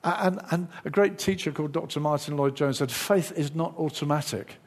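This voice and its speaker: A middle-aged man preaches with a slightly husky voice. He delivers a lively sermon and slips into quick imitations of doubting inner voices. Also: a little high.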